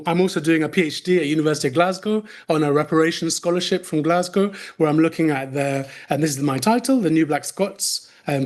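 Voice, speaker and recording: Young English-accented male presenter, friendly, slightly high voice. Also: a little mellow. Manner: friendly, apologetic, mixes in Arabic phrases. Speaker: community researcher presenting. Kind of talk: conference presentation.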